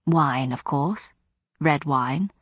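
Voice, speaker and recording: A woman voicing a gentle, old-fashioned man who speaks in a soft murmur in an audiobook reading. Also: deep voice, very slow, breathy edge, no echo, clean studio sound, voice pushed down, full character voice. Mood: tender.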